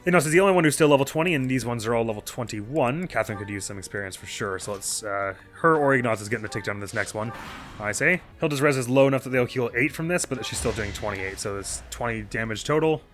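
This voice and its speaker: A man talks through his strategy game turn by turn, chatty and self-mocking as he works things out aloud. His voice is bright and forceful, with faint game music playing underneath. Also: medium pitch, animated, quick pace. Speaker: let's play host. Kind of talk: casual gameplay commentary.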